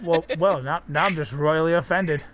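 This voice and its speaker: A man's voice: fairly high pitch, moderate pace, fairly bright tone, muffled recording. A man streaming a co-op game, chatting casually, teasing and swearing as he plays. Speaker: streamer playing co-op. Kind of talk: casual live gaming chat.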